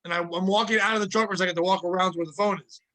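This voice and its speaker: High, bright-voiced man telling stories. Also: rapid-fire, poor audio. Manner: profane, animated, acts out the people in his stories. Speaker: podcast co-host. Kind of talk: casual storytelling chat.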